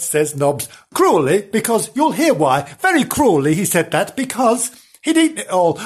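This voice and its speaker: A man's voice: high-pitched, sing-song, moderate pace, husky. A man reading a children's story aloud as a comedy host, breaking off for mocking asides.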